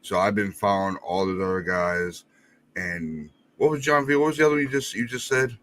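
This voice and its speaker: A man's voice: fairly low pitch, a little fast, a bit bright. A man on a sports podcast, rambling and repeating himself. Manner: rambling, repetitive. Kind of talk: casual sports chat.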